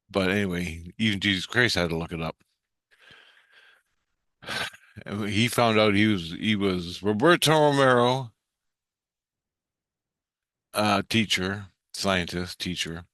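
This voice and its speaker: A man's voice: low-pitched, fairly bright tone, no room sound. A man telling a personal story in a casual, rambling way, cursing and restarting his sentences. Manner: rambling, profane, frequent restarts.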